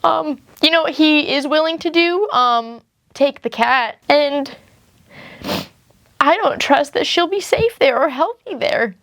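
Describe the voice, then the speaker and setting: A young woman vlogger telling her own story in a chatty, quick way, full of asides and self-corrections. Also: sits high, lively intonation, fairly bright tone, no room sound. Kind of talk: casual storytime monologue.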